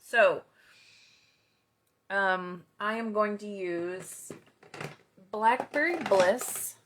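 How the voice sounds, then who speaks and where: A woman's voice: mid-range voice, very slow, noisy background. A woman chatting casually through a card-stamping tutorial at her home craft desk, rambling into self-deprecating asides. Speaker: card-making demonstrator.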